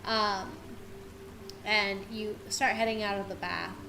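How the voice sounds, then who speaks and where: A woman's voice: medium pitch, fairly even intonation, slow, vocal fry, bright, forceful tone, a little hiss or hum, low-quality recording. A woman narrating a tabletop game as game master, chatty and full of fillers.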